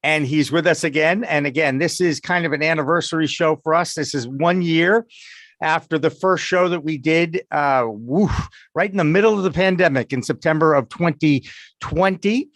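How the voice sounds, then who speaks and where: A man's voice: a little high, normal speed, a bit bright, no room sound, studio quality. A man with a Boston accent hosting a live talk show in an upbeat, promotional way. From Boston area.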